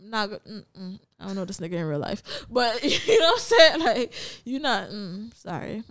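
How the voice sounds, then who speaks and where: A young Jamaican woman with a Jamaican accent co-hosts a podcast, chatting casually and telling lively stories in which she acts out the people she quotes. Her voice is medium-pitched at a moderate pace.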